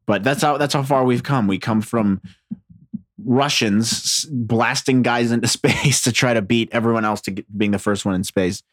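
A man's voice: mid-range voice, moderate pace, no room sound, clean studio sound. A man from New Jersey rambling through a casual monologue, profane, sarcastic and self-deprecating.

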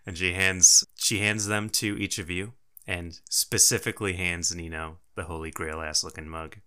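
A man runs a tabletop game with relaxed narration that breaks into laughter. His voice sits low yet rings bright and smooth. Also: moderate pace. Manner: casual narration with frequent laughs. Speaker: game master.

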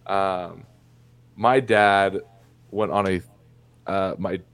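Candid, swearing man with a low voice. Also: fairly even intonation, extremely slow. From Indiana, USA. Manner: candid and profane, many fillers and restarts. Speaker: podcast guest. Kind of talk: casual interview storytelling.

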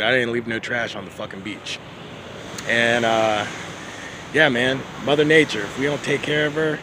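A man's voice: mid-range voice, noisy background. Laid-back profane man filming on a beach. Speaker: video journal host. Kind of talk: casual video journal. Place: outdoors on a beach.

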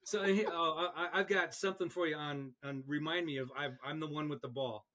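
A man who referees, chatting on a podcast and telling stories in an animated way, often repeating words as he goes. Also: a little high, fairly quick, a little hiss or hum. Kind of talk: casual podcast chat.

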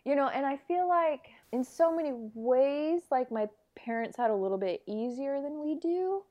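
A woman's voice: sits high, lively intonation, moderate pace, muffled recording. A young adult woman co-hosting a podcast, chatty and agreeable, filling her talk with "like" and "you know". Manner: chatty, agreeable, many fillers like "like". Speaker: podcast co-host. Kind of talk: casual podcast chat.

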